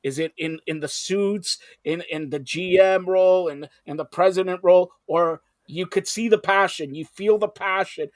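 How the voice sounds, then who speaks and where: A man's voice: sits high, fairly even intonation, normal speed, hardly any pauses, dry recording. A male host interviewing two guests in a casual, teasing way, often talking over them.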